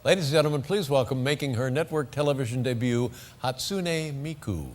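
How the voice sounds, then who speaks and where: A man's voice: medium pitch, fairly quick, noisy background, voice pushed up, close to an everyday voice. A man putting on the voice of an older male late-night TV host, introducing a guest in a showy announcer cadence. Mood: grandly announcing.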